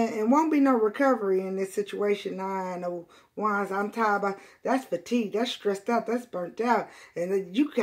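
Blunt, profane woman giving a tarot reading. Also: medium pitch. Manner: blunt and profane, swinging between loud outbursts and quiet, emotional asides; repeats phrases for emphasis. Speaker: tarot reader. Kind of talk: tarot reading addressed to viewers.

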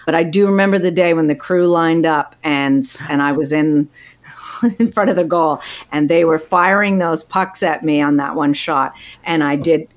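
A woman guesting on a podcast, telling stories in a casual, animated way with frequent laughs. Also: low-pitched, moderate pace. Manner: laughing, animated storytelling with put-on quoted voices. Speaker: guest actor.

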